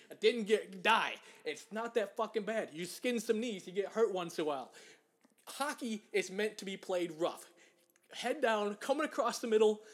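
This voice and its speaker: A young man co-hosting a casual chat, ranting angrily and profanely about sports and mocking people in put-on voices. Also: high voice. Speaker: podcast co-host.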